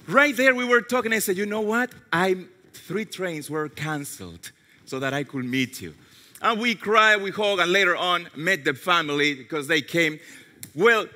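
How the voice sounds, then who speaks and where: A male pastor preaching a sermon, telling a story and dropping softly into quoted prayers. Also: fairly high pitch, expressive, measured pace. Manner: storytelling, drops to soft tones for quoted prayers. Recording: long hall reverb.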